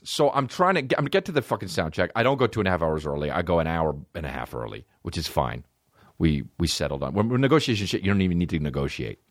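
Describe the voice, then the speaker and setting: A male comedian and podcast host telling a profane, animated personal story in casual chat. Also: low voice, dry recording, studio quality.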